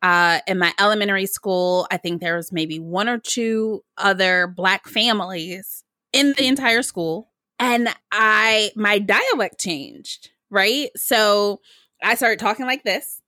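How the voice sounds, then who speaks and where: Woman from michigan hosting a podcast, bright tense voice, super dry close sound, chatty and upbeat. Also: medium pitch, takes it slowly, no room sound. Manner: upbeat, reflective, draws on personal stories. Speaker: podcast host. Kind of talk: casual conversational interview.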